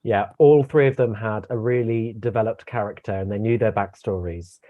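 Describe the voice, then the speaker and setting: A man's voice: lowish voice, moderate pace, narrow, tinny audio. A young man giving his views in a casual review chat, chatty and opinionated, with stammering restarts. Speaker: co-host guest.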